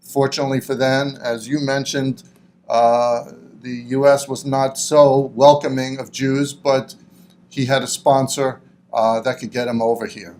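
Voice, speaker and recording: A man's voice: mid-range voice, little pitch movement, darkish tone. Reflective man recounting family history. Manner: reflective, halting with frequent fillers. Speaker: interviewee. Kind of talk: oral history interview.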